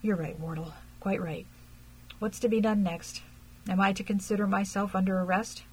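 A woman reading aloud and voicing a frank, earnest young gentleman suspected of a crime, in an audiobook. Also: mid-range voice, fairly even intonation, normal speed, slightly rough, close to an everyday voice, low-quality recording. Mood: tense. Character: young gentleman under suspicion, frank and tense.

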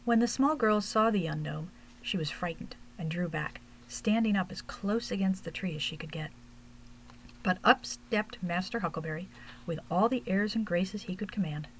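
A woman's voice: fairly low pitch, slight background noise, poor audio. Woman reading a storybook aloud. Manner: steady, measured reading aloud. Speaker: narrator.

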